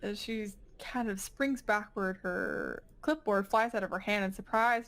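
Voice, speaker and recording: A woman's voice: mid-range voice, fairly even intonation, moderate pace, hardly any pauses. A woman narrating as game master of a tabletop game, casual and playful.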